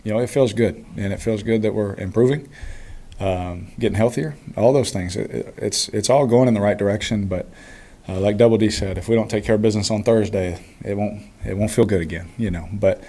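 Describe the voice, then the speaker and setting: A man in his thirties, a quarterback answering postgame press questions in a relaxed way with frequent chuckles and fillers. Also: fairly low pitch, fairly quick.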